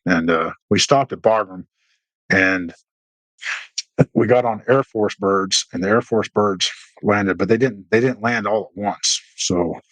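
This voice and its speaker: Husky low-voiced veteran man telling stories. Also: fairly bright tone, no echo, low-quality recording. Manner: rambling anecdotal telling with many restarts and fillers; acts out quoted dialogue with raised pitch. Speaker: podcast guest, military veteran. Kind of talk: casual storytelling interview.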